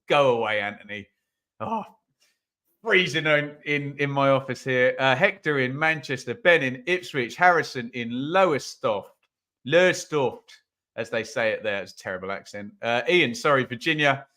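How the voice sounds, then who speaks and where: A man hosting a live football watch-along from his home office, chatting casually and reading out viewers' messages. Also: medium pitch. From England. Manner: chatty, reads out viewer comments, bursts into loud calls. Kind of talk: live stream chat and commentary.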